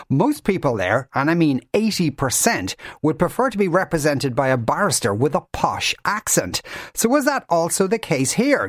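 A man presenting a radio news item in a crisp, scripted newsreader delivery. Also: a little high, no echo, clean studio sound.

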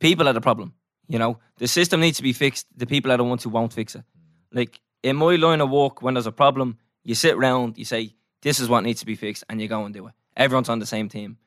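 A man with an Irish accent, co-hosting a podcast in casual chat and getting animated as he rants. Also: mid-range voice, fast talker, no echo, clean studio sound. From Ireland. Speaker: podcast co-host.

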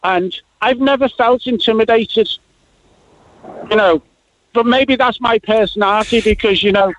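A man's voice: sits high, normal speed, a bit bright, dull audio, slight background noise. A man, calling in to a radio show and chatting casually, rambling with lots of fillers and restarts. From Liverpool. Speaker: caller. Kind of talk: casual radio phone-in chat.

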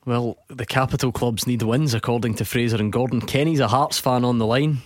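A man hosting a football phone-in, jokey and quick to laugh. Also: mid-range voice, steady tone, dry recording, studio quality. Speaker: radio phone-in host. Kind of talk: casual sports radio chat.

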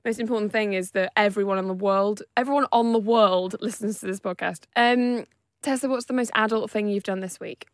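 A woman's voice: medium pitch, steady tone, brisk, dry recording, clean studio sound. A woman around thirty co-hosting a podcast in casual chat, chatty and self-mocking, laughing often. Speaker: podcast co-host.

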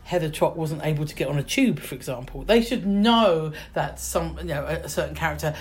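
Middle-aged woman chatting away, lowish voice, lots of restarts. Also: expressive, brisk, slight background noise. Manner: chatty storyteller, many restarts. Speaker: actress guest. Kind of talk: casual interview chat.

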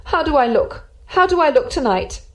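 A woman reading an audiobook, voicing a vain, excitable young woman who sounds half hysterical and demanding. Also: high voice, normal speed, voice pushed up, low-quality recording.

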